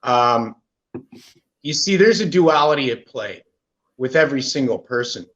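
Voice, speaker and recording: A man from Canada, a podcast guest, candidly telling his own story in an animated way, often asking "right?" as he goes. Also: mid-range voice, unhurried. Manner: animated, with frequent "right?" asides. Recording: muffled lo-fi audio.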